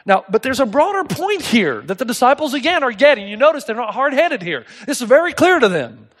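A man's voice: very high voice, fairly quick. A man preaching a sermon as pastor, telling stories with laughter and acted-out quotes. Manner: animated storytelling with laughs and voiced quotes.

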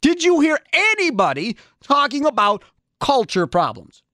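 A man's voice: extremely high pitch, huge pitch swings, normal speed, bright, forceful tone, no echo, studio quality. A man hosting a sports talk radio show, ranting in a fired-up way and firing off repeated rhetorical questions.

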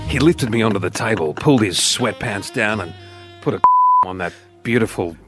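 An Australian man, a radio station boss, reading erotica aloud in a deep announcer-style voice for comic effect on a radio show. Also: expressive, moderate pace, loud music behind the voice.

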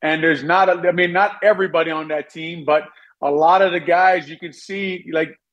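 Ex football player on the radio, slightly high voice, blunt and measured, lots of uh's. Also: male voice, steady tone, a bit bright. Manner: measured, blunt critique with frequent fillers. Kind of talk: sports radio analysis.

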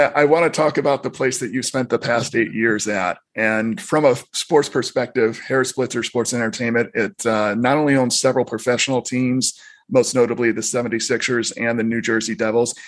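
A man interviewing a guest, asking long, winding questions with some restarts. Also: mid-range voice.

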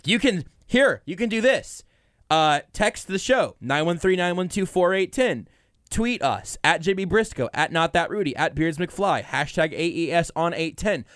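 A man hosting sports talk radio. He fires off brash, animated hot takes with a somewhat high, clean and smooth tone. The studio sound is dry and close. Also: moderate pace, no room sound.

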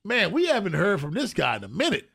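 A man's voice: high voice, huge pitch swings, fast, vocal fry, bright, forceful tone, slightly rough, no room sound. A male radio morning show host, telling a story with mock exasperation in casual banter.

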